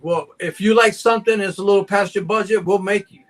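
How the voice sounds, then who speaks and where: A man's voice: high-pitched, fairly even intonation, a little fast, fairly bright tone. An older man from Mexico, a guest breeder, telling joking stories in casual live chat and acting out his sales banter.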